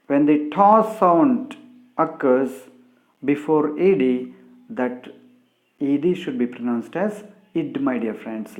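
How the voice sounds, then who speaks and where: A man teaching English pronunciation slowly, spelling out sounds one by one and ending phrases with a friendly "my dear friends". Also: darkish tone. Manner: slow, deliberate, repeats "my dear friends", drops pitch at phrase ends. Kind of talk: slow classroom explanation.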